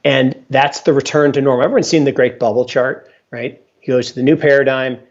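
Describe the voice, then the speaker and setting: A man, an investment fund founder and guest, giving animated market commentary, emphatic and repeating his points. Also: medium pitch, brisk. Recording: dull lo-fi sound.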